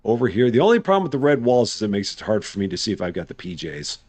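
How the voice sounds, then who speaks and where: Brief: male game streamer, relaxed live commentary, very lively pitch swings. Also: fast, husky. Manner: chatty, thinking aloud, good-humored. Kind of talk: casual live gameplay commentary.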